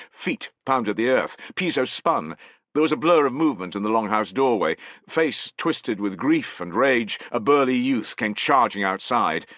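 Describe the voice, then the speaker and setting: A man's voice: mid-range voice, lively intonation, measured pace, a bit bright, no echo. A man narrating a dramatic war novel, voicing each character expressively. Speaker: audiobook narrator.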